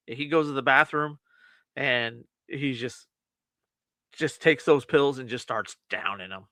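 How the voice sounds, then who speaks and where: A man's voice: mid-range voice, unhurried, no room sound. A man co-hosting a movie review podcast, animatedly retelling a film's plot and acting out the lines. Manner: animated storyteller, acts out quotes, laughs often. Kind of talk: casual chat, retelling a film plot.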